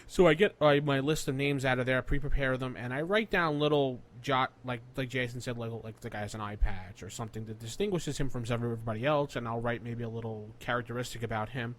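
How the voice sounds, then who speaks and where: A man talks quickly on a casual gaming podcast. He rambles, trails off and hunts for words, filling the gaps with little asides. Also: mid-range voice. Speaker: podcast co-host and game master. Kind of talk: casual chat.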